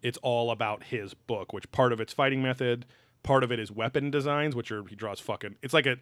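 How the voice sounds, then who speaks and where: A man's voice: mid-range voice, a little fast, fairly bright tone, no echo, clean studio sound. A young man co-hosting a podcast in casual, profane chat, rambling and sarcastic as he picks apart a TV episode. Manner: rambling, sarcastic, swears a lot. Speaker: podcast co-host.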